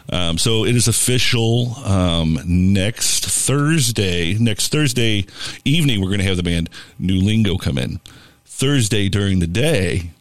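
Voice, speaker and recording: A man's voice: low voice, no echo. A young man hosting a radio show, chatting casually with lots of fillers and restarts. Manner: rambling, filler-heavy, laughs often.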